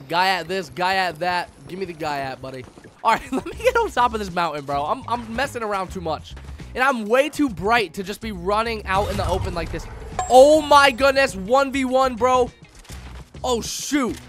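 A young man giving excited, slangy commentary while playing a video game, taunting opponents as he goes. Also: high-pitched. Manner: hyped, slangy, talks to opponents. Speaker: gaming YouTuber.

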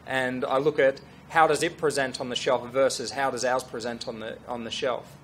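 A middle-aged man, a fashion brand founder telling a story to an audience in an earnest, animated way with restarts. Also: mid-range voice, normal speed, slight background noise. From Australia.

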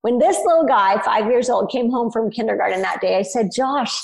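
Gravelly-voiced woman telling her story. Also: a little high, fairly quick, poor audio. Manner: earnest, animated storytelling, laughs easily. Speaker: guest, spiritual medium. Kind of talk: podcast interview storytelling.

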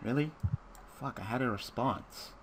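A man's voice: mid-range voice, normal speed, a little hiss or hum. A man commentating a card game he is playing, swearing nonstop and raging at his luck. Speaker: gameplay commentator.

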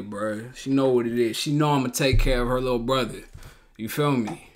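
A man with a medium-pitched, slightly bright voice reacts to a show as host. His casual commentary is blunt and full of profane slang, and he repeats himself when he gets heated.

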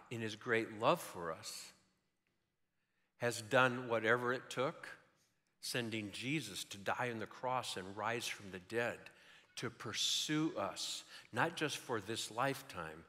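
A man in his sixties preaching a sermon, telling stories in an animated way that swings from loud to hushed. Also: mid-range voice, long reverb tail. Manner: animated storytelling, shifting between loud and hushed.

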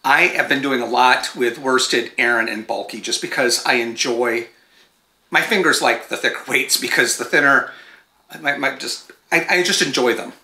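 A man chats casually at home, hosting his knitting show and drifting from topic to topic. His tone is very bright and sharp, in an echoey room. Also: mid-range voice, moderate pace. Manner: chatty and digressive, breaks off to talk to his dogs. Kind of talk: casual chat to camera. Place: home with dogs around.

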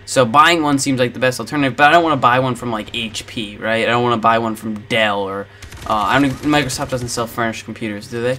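A man's voice: mid-range voice, fairly even intonation, fast, pushed and bright, slight background noise. A man hosting a gaming channel, rambling in casual commentary over gameplay with lots of filler words.

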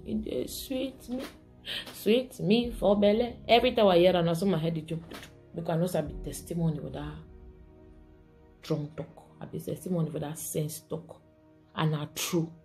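A Cameroonian woman talks casually to camera in a fairly low voice, with a Cameroonian Pidgin English accent. She is chatty and laughs often, moving back and forth between pidgin and English. Soft music plays faintly behind her. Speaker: vlog host.

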